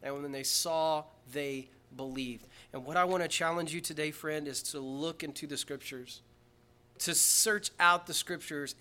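A pastor preaching a sermon in church, swinging from quiet, slow, earnest passages up to loud emphatic peaks. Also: male voice, a little high.

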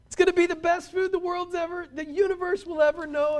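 A man preaching a sermon, animated and emphatic, with touches of humor and repeated words for stress. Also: very high-pitched, a little fast.

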